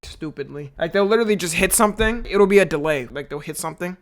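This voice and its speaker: A man's voice: sits high, fast, a little hiss or hum. A young man hosting a reaction video, throwing in blunt, slangy, joking asides. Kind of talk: casual reaction commentary.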